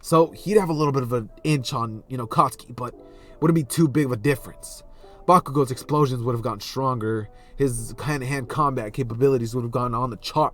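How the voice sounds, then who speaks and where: A man's voice: medium pitch, a bit bright. Rambling man telling a casual story. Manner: rambling, self-correcting. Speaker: fan storyteller.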